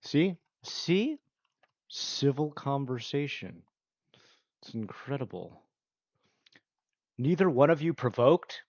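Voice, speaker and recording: A man's voice: medium pitch, very animated, slow pace, pauses often, a little mellow, no echo, dull audio. A man chatting casually with his stream viewers, rambling and laughing often. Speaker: livestreamer. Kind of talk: casual livestream chat with viewers.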